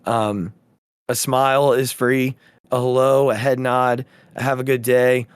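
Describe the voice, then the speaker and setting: A man's voice: mid-range voice, little pitch movement, measured pace, clean tone, no room sound, clean studio sound. A man co-hosting a podcast, a teacher talking in an earnest, reflective way with many fillers and restarts. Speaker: podcast co-host. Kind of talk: casual chat.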